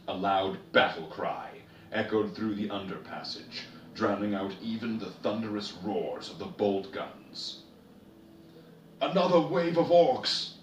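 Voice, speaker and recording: Male storyteller with a very deep voice, giving steady, unhurried narration in an echoey room. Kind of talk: story reading. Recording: roomy, distant, noisy ambience.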